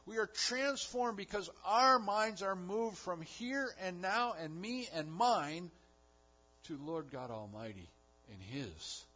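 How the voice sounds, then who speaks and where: A man's voice: high-pitched, animated, slow pace, sharp tone. A man preaching a sermon, building emphasis with repeated phrases. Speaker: pastor. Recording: dull lo-fi recording.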